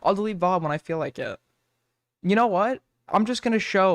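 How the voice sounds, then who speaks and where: High-voiced, swearing streamer man. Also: animated, fairly quick, fairly bright tone, no room sound, studio quality. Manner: profane, ranting, rambling. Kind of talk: casual live-stream reaction commentary.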